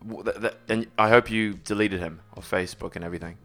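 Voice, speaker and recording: A man's voice: fairly low pitch, steady tone, quick pace, a bit bright, soft background music. A man co-hosting a casual podcast, teasing and bantering with his partner. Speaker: podcast co-host.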